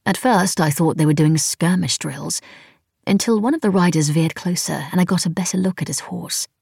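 Low-voiced woman narrating. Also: moderate pace, creaky, darkish tone, husky, no echo, studio quality. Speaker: audiobook narrator. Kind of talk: first-person scripted narration.

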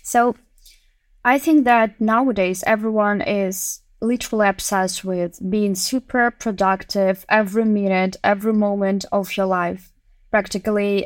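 A woman hosting a podcast, asking long, measured questions. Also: mid-range voice, no room sound. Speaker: podcast host.

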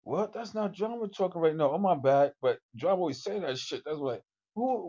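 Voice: mid-range voice, animated, fairly quick, warm tone, slightly rough. A profane, rambling livestreamer talks casually and laughs at their own jokes. The audio is dull and lo-fi, like a phone stream.

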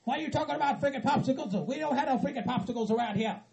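A man voicing a level-headed hillbilly friend who pleads patiently and tries to calm everyone down. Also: very high-pitched, rapid-fire, vocal fry. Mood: pleading. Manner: patient, pleading, repeats "Mister Bob Joe". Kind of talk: hobby comedy skit acting.

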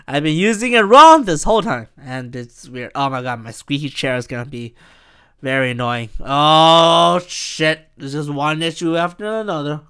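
Man, solo podcast host at home, excitable, loud then mumbling, bright tone, smooth clear voice. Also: on the high side, normal speed. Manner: excitable, swings between loud bursts and quiet mumbling. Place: home room. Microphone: home desk microphone.

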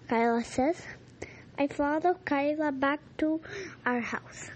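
A woman reading a children's storybook aloud, halting now and then with slips and rereads. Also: sits high, a little hiss or hum. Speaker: reader.

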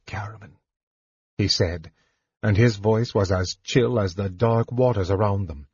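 A man narrating an audiobook in a measured, dramatic reading. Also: fairly low pitch, darkish tone, breathy edge, no echo. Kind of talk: scripted narration. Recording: dull lo-fi dry recording.

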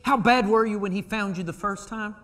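A man preaching a sermon as pastor of his church, moving from quiet asides to shouted pleas. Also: sits high, fairly even intonation, fairly quick. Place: church sanctuary.

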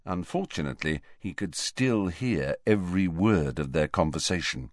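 A man with a lowish voice reads a novel aloud, telling the story with lively, expressive rises and falls. He is recorded close to the mic in a dry, dead space with no echo. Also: normal speed. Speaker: audiobook narrator. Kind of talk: audiobook narration.

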